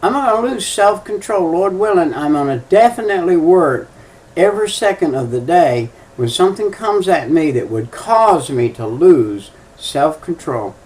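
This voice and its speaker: A man's voice: on the high side, expressive, a little slow, a little mellow, distant mic. An older man preaching a folksy sermon, telling stories with emphatic, chuckling delivery.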